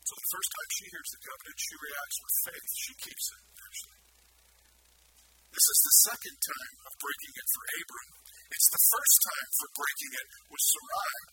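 A man preaching a sermon in an animated way, putting questions to the congregation. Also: very high voice, moderate pace, rough recording. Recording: loud background noise.

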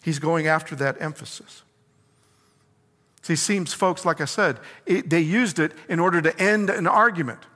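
A man preaching with a bright, forceful voice pitched somewhat high. He drives his points home by asking his listeners questions and answering them himself. The sound rings out with a long reverb, as in a church hall. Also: moderate pace. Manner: emphatic, asks the congregation questions and answers them. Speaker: pastor. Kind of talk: sermon.

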